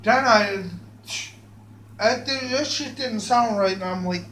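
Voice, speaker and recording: A man's voice: high-pitched, slow pace, bright, forceful tone. A man telling a rambling personal story, profane and stammering, with many restarts. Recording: echoey room with faint hum.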